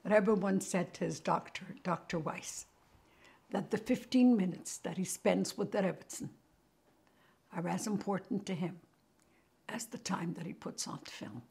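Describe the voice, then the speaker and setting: An older woman hosting from her kitchen, telling a story with animation and hushed near-whispers. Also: fairly low pitch, unhurried, creaky, breathy edge. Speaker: host. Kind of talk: storytelling talk to viewers. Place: home kitchen.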